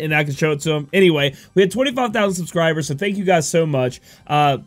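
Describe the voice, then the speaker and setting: A man's voice: on the high side, fast talker, few pauses, no echo. Sniffly young man rambling through a game review. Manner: rambling, filler-heavy, reads out ability text. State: sniffly from a cold. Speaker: gaming YouTuber.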